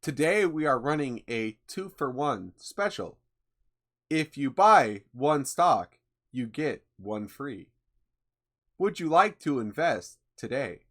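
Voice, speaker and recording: A man voicing a stiff, overly polite robotic AI sales voice pitching a deal. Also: expressive, takes it slowly, a bit bright. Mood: chirpy. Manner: chirpy, stilted salesman delivery.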